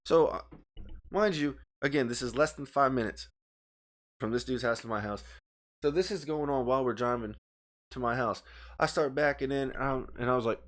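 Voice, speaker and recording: A podcast co-host with a medium-pitched voice speaks at a moderate pace, telling a story as a heated, profane rant. He talks with his hands in a studio and uses a studio microphone.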